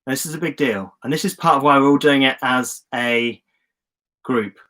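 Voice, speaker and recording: A man's voice: medium pitch, normal speed, bright, forceful tone. A man from England hosting a live online journaling session, chatty and encouraging, calling out viewers' comments with enthusiasm. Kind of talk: casual live-stream coaching. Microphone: phone or webcam on a live stream.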